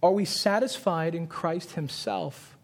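A man in his twenties preaching a sermon, telling a story with animated voices and repeating key lines for emphasis. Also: fairly high pitch. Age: 20s. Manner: storytelling with animated put-on voices and quick asides.

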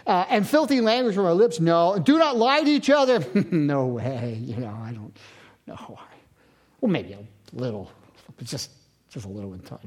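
A man's voice: fairly high pitch, a little mellow, breathy edge. A middle-aged man from central Pennsylvania preaching a sermon, with self-mocking asides and rising passion. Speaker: pastor.

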